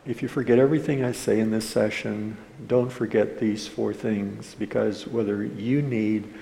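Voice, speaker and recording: A man's voice: on the low side, fairly even intonation, normal speed, creaky, warm tone. A man preaching as a pastor, telling a story in an earnest way and acting out the people in it. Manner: earnest storytelling, quoting others in dialogue. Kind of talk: sermon with a storytelling anecdote. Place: church hall. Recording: hall reverb with faint room noise.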